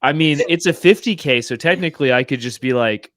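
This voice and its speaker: A man's voice: fairly high pitch, fairly quick, fairly bright tone, no room sound. A man as a podcast guest in casual chat, rambling with lots of fillers.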